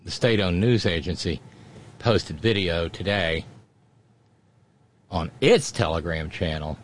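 Wry, low-voiced man hosting a talk show. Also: expressive, slow, long pauses. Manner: wry and joking, with fillers and asides. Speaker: radio talk show host. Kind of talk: casual live show, reading listener comments.

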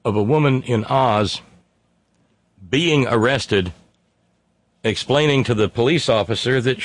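A man's voice: mid-range voice, unhurried, pauses often, no room sound. A middle-aged man from West Virginia, hosting a casual talk show in a sardonic, profane monologue while reading listener emails aloud. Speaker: podcast host.

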